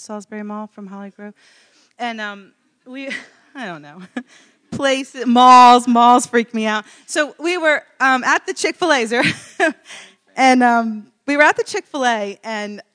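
A middle-aged woman telling a personal story in a casual interview, animated and laughing often. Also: medium pitch.

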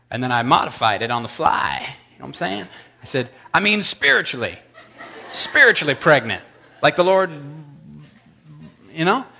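A man's voice: medium pitch, a bit bright. A man in his thirties telling a rambling, self-deprecating story to a congregation. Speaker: preacher.

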